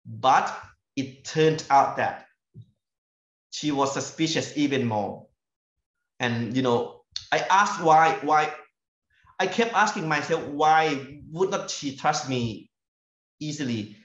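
A Thai-accented man lecturing on his fieldwork, halting and often repeating words as he looks for the right phrase. The recording is echoey and somewhat dull, as if captured in a lecture room. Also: a little high, a bit bright. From northeastern Thailand. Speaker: university lecturer. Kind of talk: academic talk sharing fieldwork stories.

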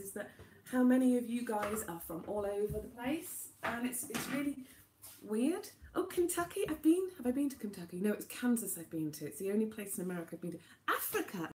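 A young woman from Wales chatting quickly on a live stream from her home kitchen, greeting viewers by name while she cooks, recorded on a tablet. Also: fairly high pitch, warm tone, echoey room. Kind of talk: casual live-stream chat. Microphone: tablet camera.

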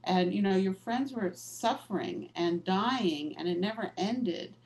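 A woman's voice: mid-range voice, unhurried, darkish tone, poor audio. A woman author and activist, the guest in a conversational interview, telling stories in a candid, reflective way with casual fillers.

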